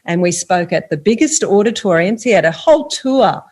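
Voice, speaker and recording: A woman's voice: medium pitch, lively intonation, moderate pace, darkish tone, slightly rough. An older woman, a guest author telling a story steadily in an interview.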